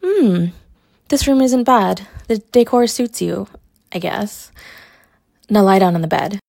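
A young adult woman voices an audio role-play in a teasing, mocking way, laughing often. Her mid-range voice carries a gravelly fry. The sound is dry and close, with no room echo. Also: medium pitch, animated, slow pace, warm tone. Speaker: college athlete character in an audio role-play.

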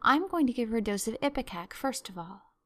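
A woman's voice: fairly high pitch, lively intonation, a bit bright, no echo. A woman doing an eager, dramatic young girl. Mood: brisk. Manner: eager, effusive, quick to dramatize.

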